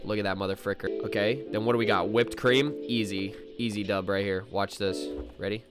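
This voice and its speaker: A man giving excitable, casual commentary while playing a video game, with loud outbursts. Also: fairly low pitch, a little fast. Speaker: gaming video creator. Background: game music.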